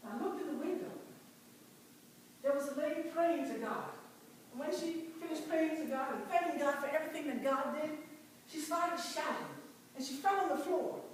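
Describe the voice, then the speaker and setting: Woman acting as a devout determined mother once enslaved, first-person stage monologue, impassioned and exclamatory, high voice, very echoey church from afar. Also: a little hiss or hum, natural voice. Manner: impassioned, with many cries of "oh". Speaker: church dramatic performer. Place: large church sanctuary. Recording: very echoey church, mic far off.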